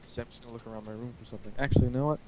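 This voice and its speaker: A man with a hoarse throat co-hosting a casual chat between friends, joking, teasing and rambling. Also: mid-range voice, fairly even intonation, rapid-fire, warm tone, slight background noise, poor audio. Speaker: podcast co-host.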